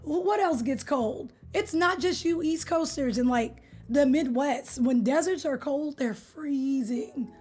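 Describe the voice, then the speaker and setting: A woman's voice: high-pitched, unhurried, hardly any pauses, darkish tone. A young adult woman from California, streaming and chatting casually with her viewers in a playful, slangy way, greeting them by name. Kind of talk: casual chat with live viewers.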